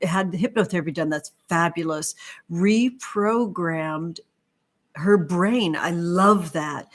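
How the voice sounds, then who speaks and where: A woman hosting a tarot livestream, chatting warmly with viewers and gushing over their comments with pet names. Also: fairly low pitch. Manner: effusive, gushing, calls viewers sweetheart. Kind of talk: live-stream chat with viewers.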